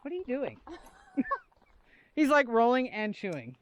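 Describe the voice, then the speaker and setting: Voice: medium pitch, very animated, unhurried, dull audio. A vlogger chatting casually while hiking outdoors, joking and swearing casually as they go. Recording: noisy outdoor recording. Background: dogs nearby.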